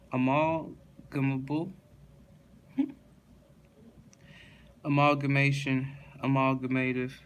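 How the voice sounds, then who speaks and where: A tired man reading dictionary words one after another in a flat monotone, stumbling and restarting now and then. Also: mid-range voice, smooth. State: yawning, tired.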